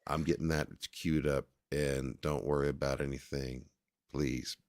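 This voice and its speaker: Very deep-voiced host, dry close sound. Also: male voice, flat delivery, darkish tone, no room sound. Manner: encouraging, slangy, quick reactions. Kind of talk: casual interview.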